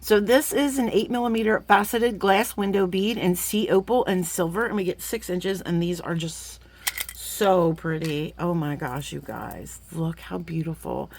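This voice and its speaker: A woman, chatting warmly to viewers as she gushes over beads in a casual unboxing vlog. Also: lowish voice, a little slow, gravelly, slight background noise. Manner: chatty and gushing, talks to viewers as friends; sometimes drops to a playful whisper. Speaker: jewelry-making vlogger.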